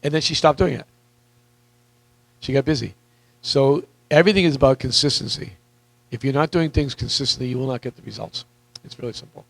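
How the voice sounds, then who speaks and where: A man coaching real estate agents in a live seminar, energetic and repetitive, questioning the audience, with a voice that is wearing out. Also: mid-range voice, fairly quick, gravelly, long pauses, dry recording, low-quality recording. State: losing his voice.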